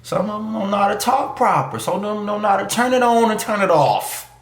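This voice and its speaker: Animated man in an echoey room. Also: sits high, brisk. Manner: emphatic, slangy street talk with mock voices. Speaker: YouTube commentator. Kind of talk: casual opinion monologue.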